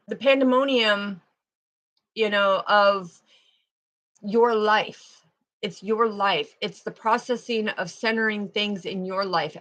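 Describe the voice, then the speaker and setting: A woman giving a live oracle card reading, talking in a slow, meandering, chatty way and addressing her viewers directly. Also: medium pitch, fairly bright tone, rough recording. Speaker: spiritual card reader.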